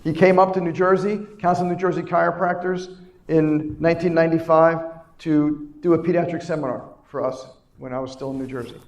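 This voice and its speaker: A middle-aged man delivers an inspirational conference speech with a fairly high voice. He hammers home key lines by repeating them and keeps asking his listeners questions. The sound rings around a roomy hall. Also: steady tone, fairly quick, a little mellow. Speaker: chiropractor giving a keynote talk. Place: conference hall, live before an audience.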